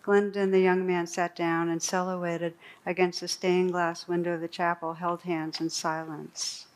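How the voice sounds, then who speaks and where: A woman meditation teacher giving a dharma talk, reading a true story aloud in a slow, gentle storytelling voice with soft pauses. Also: fairly low pitch, flat delivery. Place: meditation hall.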